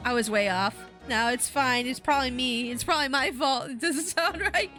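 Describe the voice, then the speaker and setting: High, bright excitable woman streamer. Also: moderate pace, hardly any pauses, soft background music. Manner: excitable, self-deprecating. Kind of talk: live gameplay stream chat.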